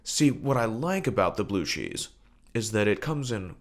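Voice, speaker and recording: A man's voice: fairly low pitch, expressive. A man doing a fussy pretentious bar customer. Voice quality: affected, measured delivery.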